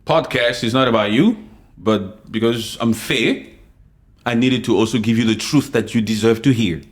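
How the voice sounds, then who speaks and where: A man from Congo hosting an unscripted opinion podcast, talking forcefully and confrontationally, swinging between loud outbursts and quiet asides. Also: medium pitch, moderate pace. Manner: reads and answers live comments. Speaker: podcast host.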